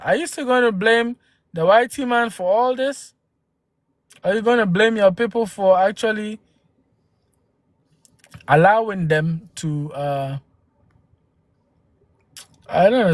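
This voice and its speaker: A man's voice: high-pitched, a little slow, pauses often, no room sound. Argumentative man, raised voice. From Ghana. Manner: argumentative, rhetorical questions, exclamations. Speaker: livestream host. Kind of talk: live-stream commentary.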